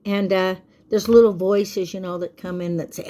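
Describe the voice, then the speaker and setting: A woman's voice: medium pitch, steady tone, moderate pace, hardly any pauses, dark tone, a little hiss or hum. An older woman giving a folksy, preachy faith talk to camera, often checking in with "okay?". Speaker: vlogger.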